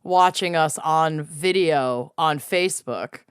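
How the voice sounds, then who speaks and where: A woman's voice: low voice, slow pace, clean tone, no echo, studio quality. A woman co-hosting a podcast in casual chat, enthusiastic and talkative. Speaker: podcast co-host.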